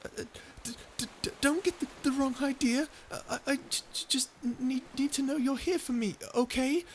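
A woman's voice: medium pitch, animated, slow, a little hiss or hum. A woman voicing a prickly young sea creature who stammers and hides her fear behind insults, in a listener-perspective audio drama. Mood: flustered. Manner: stuttering, flustered tsundere bluster.

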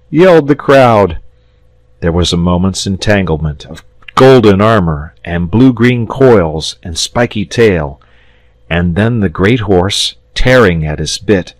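A man narrates a classic tale in a very deep, unhurried voice, reading slowly and clearly for English learners. The sound is close and completely dry, with no room around him. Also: no echo, low-quality recording. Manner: slow, measured reading. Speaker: storyteller.

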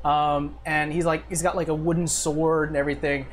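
A game master narrating a tabletop fantasy game in a casual, halting way. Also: mid-range voice, level tone, slight background noise.

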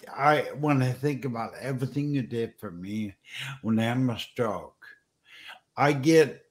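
Halting, emotional male show host. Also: medium pitch. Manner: emotional, halting, repeats words. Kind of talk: casual livestream talk show.

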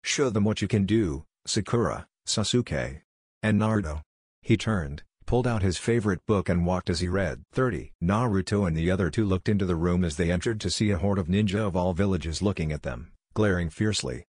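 A man reading a fan-fiction story aloud as narrator, in an even, unhurried way. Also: sits low, slightly rough, no echo, studio quality.

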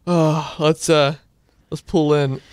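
A man hosting a casual game let's-play, excitable and playful, often bursting into high yelps. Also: takes it slowly, no room sound. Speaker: gameplay channel host.

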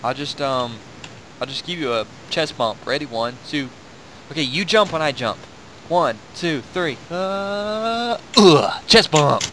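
A man's voice: mid-range voice, normal speed, a bit bright, slight background noise, rough recording. A young man hosting a gaming video, rambling and joking in casual commentary while laughing at himself.

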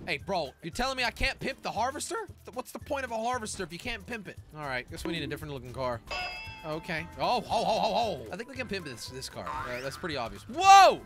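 High, excitable young man playing games. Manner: excitable, jokey, frequent laughs and shouts. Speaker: gaming channel host. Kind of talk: game commentary.

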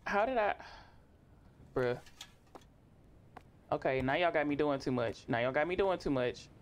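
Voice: animated, unhurried, a little hiss or hum. Jumpy horror game player. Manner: jumpy, yelps in sudden high-pitched bursts; talks to themself, reads game text aloud. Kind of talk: let's play commentary.

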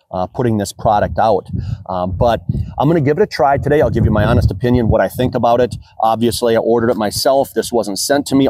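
A man's voice: on the low side, darkish tone, dry recording. An American man talking casually in a product review vlog, chatty and rambling with frequent fillers. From United States. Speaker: car detailing YouTuber.

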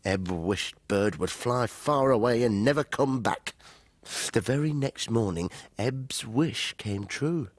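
A man playing a cheerful grown-up on a fishing trip in a children's show, reading a story aloud in a gentle, sing-song way. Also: mid-range voice, animated, slow pace, no room sound. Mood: storytelling.

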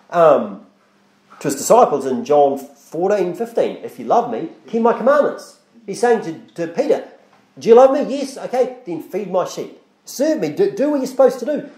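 A male preacher with a fairly high, mellow voice that climbs and dips a lot as he talks. He preaches in a loose, conversational way, restarting phrases and acting out little quoted exchanges. The sound carries the echo of a church hall. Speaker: pastor. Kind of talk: sermon.

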